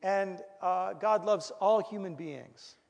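A middle-aged man, a pastor, giving a lecture full of comic stories, animated and full of restarts. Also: high-pitched, slow pace, creaky. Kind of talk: humorous storytelling lecture. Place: lecture hall. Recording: reverberant hall.

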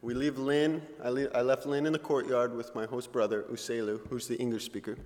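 A man's voice: medium pitch, a little fast. A young man, a student, telling a story at a talk in a large hall, laughing often and acting out what people said. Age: young adult. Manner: animated storyteller, laughs often, acts out quotes. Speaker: student presenter. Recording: noisy hall recording, long reverb.

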